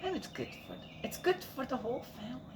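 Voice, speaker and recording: A woman's voice: high voice, wildly swooping pitch, fast talker, noisy background. An older woman and grandmother chatting casually, telling family stories in a rambling way with fillers. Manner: rambling, warm storytelling with laughs and repeated fillers. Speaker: grandmother sharing family life. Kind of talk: casual personal chat.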